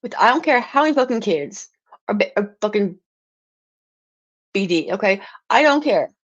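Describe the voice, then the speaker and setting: A woman's voice: mid-range voice, lively intonation, normal speed, muffled recording. A woman livestreaming an angry, profane rant, stumbling and restarting words as she gets heated.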